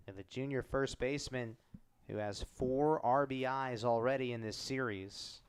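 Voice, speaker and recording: A man announcing live baseball play-by-play, calling each pitch in short measured phrases. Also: steady tone, smooth.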